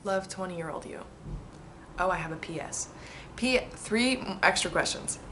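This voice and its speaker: Unhurried and lowish in pitch, a woman in her 20s reads her old letter out loud and replies to it for a casual vlog. She's chatty, excitable and reflective with frequent laughter, and a little hiss or hum can be heard.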